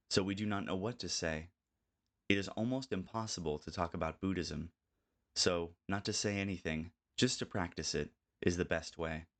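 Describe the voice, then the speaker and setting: Calm older man, very low voice. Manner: calm, measured reading. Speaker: audiobook narrator. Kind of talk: scripted narration.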